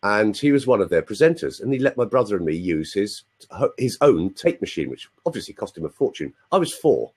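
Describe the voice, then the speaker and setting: A man's voice: fairly low pitch, sing-song, a little fast, a little mellow, husky. A man in his sixties from London, with a London accent, telling stories in a chatty, playful way as a guest on a live video chat. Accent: London English. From London, England. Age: 60s. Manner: chatty, playful, asks listeners for confirmation.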